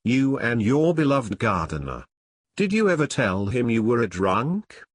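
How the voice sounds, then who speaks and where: A man's voice: mid-range voice, big pitch swings, unhurried, no echo, clean studio sound. A man reading the part of a snobbish older English father who speaks in a clipped, dismissive way. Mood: snappish. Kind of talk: audiobook character reading.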